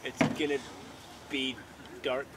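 A man's voice: mid-range voice, little pitch movement, slow. A man in casual chat with friends, making dry wisecracks about the beers. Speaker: airsoft team member. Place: outdoors at an event. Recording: outdoor event with clear background noise.

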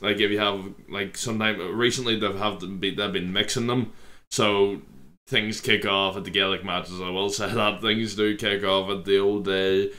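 Young Irish guy, low voice, chatty reaction host who keeps laughing and backtracking. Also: fairly even intonation, normal speed, sharp tone. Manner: laughs often, rambling, self-interrupting. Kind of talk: casual reaction commentary. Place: home room.

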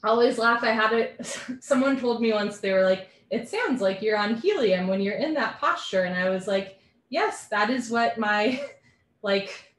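A woman leading a live yoga class from home, calling out poses briskly and dropping in chatty asides. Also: medium pitch, reverberant. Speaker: yoga teacher.

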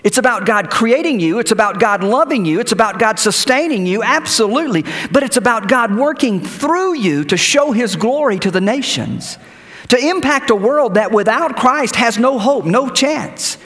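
A male pastor delivers an animated sermon in a church sanctuary. His voice sits high and swings widely in pitch, and a long hall reverb trails after his words. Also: moderate pace. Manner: animated preaching with repeated words and rhetorical questions.

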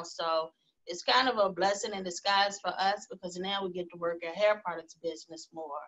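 A woman's voice: mid-range voice, fairly bright tone. A woman who runs a salon, speaking plainly and gratefully on a video call panel. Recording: dull lo-fi video call audio.

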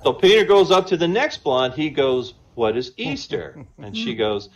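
A man's voice: fairly high pitch, big pitch swings, normal speed, lo-fi sound. A man telling a string of jokes in casual style, chatty and laughing at his own punchlines. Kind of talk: casual joke-telling on a voice chat. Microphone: online voice chat.

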